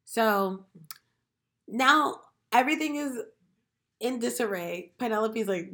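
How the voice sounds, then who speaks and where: Young woman, american, giggly, animated, higher voice, casual book chat. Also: slow, pauses often. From United States. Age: young adult. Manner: giggly, animated retelling of plot. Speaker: podcast co-host.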